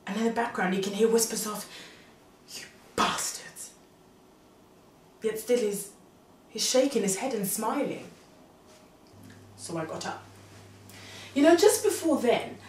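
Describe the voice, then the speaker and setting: A young woman tells a dramatic story in a confiding, animated monologue with a lively, swooping pitch. She drops to a hush and then bursts into exclamation. She is heard from a distance in an echoey room. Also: a little hiss or hum. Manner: animated, confiding, swings between hushed and exclaiming. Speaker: narrator telling a story to her mother.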